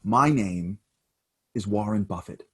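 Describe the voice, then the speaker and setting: A man's voice: fairly low pitch, takes it slowly, fairly bright tone, breathy edge, exaggerated voice. A man voicing an older male billionaire investor who moves from reassurance to insistent lecturing. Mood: calm.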